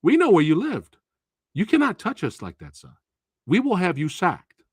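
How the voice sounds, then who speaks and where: A man doing menacing teenage schoolboys, overly formal, high, swooping voice. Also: huge pitch swings, moderate pace, husky, no echo, clean studio sound, exaggerated voice. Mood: coldly polite. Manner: overly formal, calls everyone sir.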